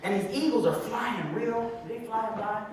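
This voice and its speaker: A man telling a story in a sermon, animated and calling to the crowd. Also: high voice, normal speed, a little hiss or hum. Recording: echoey hall from far off.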